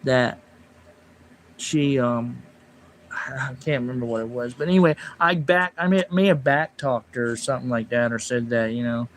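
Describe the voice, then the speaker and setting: A man's voice: medium pitch, steady tone, moderate pace, creaky, slight background noise. A man livestreaming, telling a long personal story in a rambling, casual way and snapping back at his chat. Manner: rambling, speaks quietly when telling the story, louder and sharper when reacting to chat. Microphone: phone or desk mic on a livestream.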